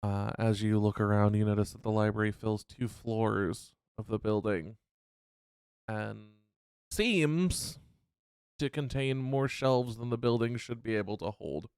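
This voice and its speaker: A man's voice: on the low side, measured pace, a little mellow, clean tone, no echo, studio quality. A man narrating a tabletop role-playing game as game master, describing scenes in a hesitant, descriptive way with frequent restarts.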